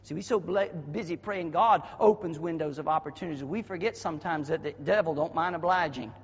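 A high-voiced, husky Southern American man preaching a sermon from the pulpit. He swings from quiet, conversational asides into loud, shouted bursts. The sound is dull and carries a long church-hall reverb. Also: a little fast. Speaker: pastor. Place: church sanctuary.

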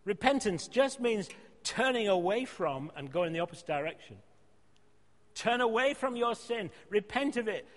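Speaking in a fairly high male voice that rings through a hall with long, lingering reverb, a preacher gives an earnest sermon at a moderate pace. He's expressive and emphatic, building to loud exhortation before softening into quieter appeals.

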